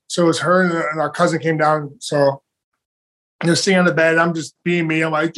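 Fast-talking animated man telling stories. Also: on the high side. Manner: rambling, animated, acts out quotes. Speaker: professional fighter, guest. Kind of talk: casual interview storytelling.

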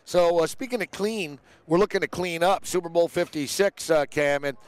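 A man hosts a casual sports talk show with a fairly high voice. He tells stories animatedly and acts out the people he quotes. The sound is dry and close. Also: moderate pace, clean tone, no echo. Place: outdoors near a big event.

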